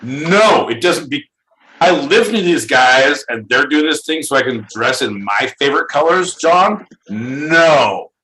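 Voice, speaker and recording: A man co-hosting a comedy podcast, ranting loudly and swearing, with quick jumps into silly voices. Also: medium pitch, lively intonation, echoey room, rough recording. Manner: loud, ranting, profane, jumps between silly put-on voices. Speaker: podcast co-host. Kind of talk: comedic casual chat.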